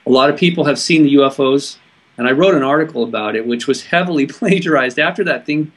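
A man from California, a guest in an interview, telling a personal story in an earnest, halting way with frequent restarts. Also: mid-range voice.

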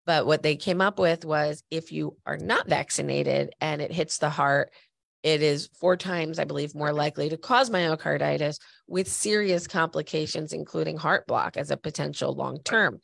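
Sitting low and a bit creaky, this woman's voice moves at a moderate pace with no echo around it. She's a podcast host with a slight cold, chatting casually, telling stories and talking right to her listeners.

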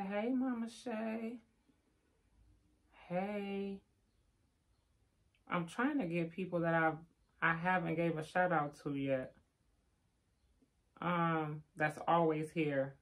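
Chatty older woman reading shout-outs. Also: on the low side, steady tone, slow, long pauses. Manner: chatty, reads out names, teasing asides. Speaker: vlogger giving live shout-outs. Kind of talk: casual live-stream chat reading comments.

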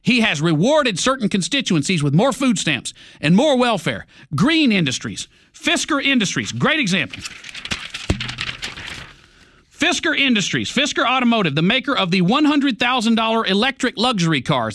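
A man's voice: high voice, very animated, normal speed, a bit bright, no room sound, studio quality. A male talk radio host delivering an angry, sarcastic political rant.

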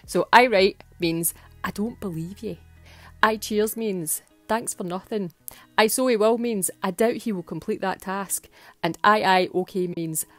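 A woman's voice: mid-range voice, unhurried, no room sound, faint music behind, close to an everyday voice. A Scottish woman playing a sneaky wee pet dog. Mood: cheeky. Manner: playful, sly, hushed asides. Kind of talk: playful vlog segment in character.

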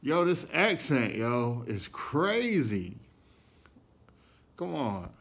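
A man with a middle-pitched voice hosts a reaction video in a casual, slangy way. He talks slowly and unhurriedly between clips. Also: very animated, vocal fry, a crowd in the background. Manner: laid-back, amused, slangy asides.

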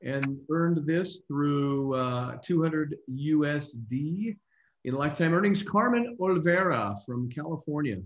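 A man hosting a casual online call, reading out names in an upbeat, brisk way. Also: on the high side, animated, echoey room, highs cut off, slight background noise. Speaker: host.

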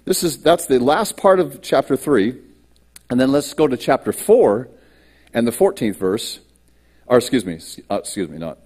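A man's voice: mid-range voice, darkish tone, husky. A man pastor delivering a sermon at a church service, reading scripture and preaching with dramatic swings in his voice. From United States.

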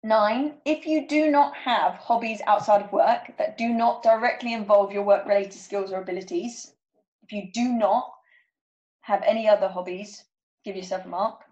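A woman's voice: mid-range voice, moderate pace, darkish tone, muffled recording. A woman coach giving a workshop talk, reading out numbered statements and checking in with her listeners. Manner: checks in with frequent "okay?".

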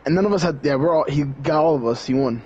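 A young man teases and jokes with a friend while they play, his voice a bit high for a man. The sound is dull and muffled, with a faint hiss of noise underneath. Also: fast, a little mellow. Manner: teasing, joking. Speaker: gamer. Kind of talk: casual gaming chat.

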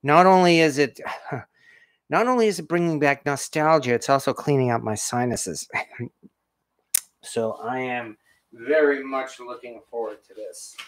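A man's voice: mid-range voice, a little slow, no echo. Chatty man with dry close sound. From New England, USA. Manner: chatty, chuckles often, reads viewer comments aloud. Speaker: cooking livestream host. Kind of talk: casual live-stream chat while tasting food.

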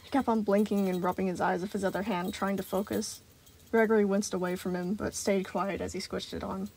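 A woman narrating a piece of fan fiction aloud. Her voice sits at an ordinary middle pitch. She reads at an even pace with expressive phrasing. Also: a little fast, a little hiss or hum. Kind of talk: storytelling narration.

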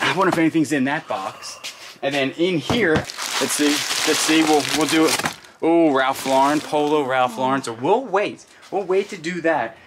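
A man excitedly narrating his vlog while going through a storage unit. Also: mid-range voice, a little hiss or hum. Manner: excited, exclaiming. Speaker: reseller vlogger. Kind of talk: casual vlog commentary.

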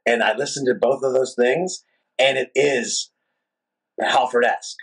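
Husky-voiced man telling a story. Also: mid-range voice, measured pace, poor audio. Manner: animated, profane, rambling anecdotes. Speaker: rock singer, guest. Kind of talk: casual storytelling interview.

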